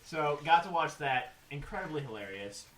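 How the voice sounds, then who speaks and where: A man co-hosting a podcast, telling convention stories in a casual, animated way and acting out the quotes. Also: fairly high pitch, normal speed. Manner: animated, laughing retelling with acted quotes. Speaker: podcast co-host. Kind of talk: casual storytelling chat. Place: room at an anime convention. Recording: roomy, noisy room recording.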